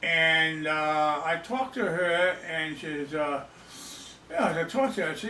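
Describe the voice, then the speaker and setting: An older man with a somewhat high, bright voice tells a story in a rambling, self-mocking way and circles back over his own words. He sits away from the mic, so the sound is distant and echoes around the room. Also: lively intonation, slow pace, a little hiss or hum. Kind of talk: casual storytelling.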